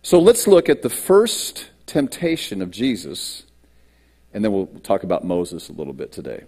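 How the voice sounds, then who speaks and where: A man's voice: deep voice, huge pitch swings, moderate pace, mellow, husky. A man pastor delivering a sermon at a church service, reading scripture and preaching with dramatic swings in his voice. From United States.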